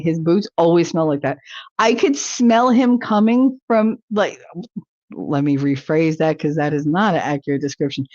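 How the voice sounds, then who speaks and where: A woman's voice: lowish voice, a little mellow, no room sound, highs cut off. A woman hosting a casual livestream talk show, chatting with viewers in a rambling way and laughing easily. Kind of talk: casual chat reacting to viewer comments.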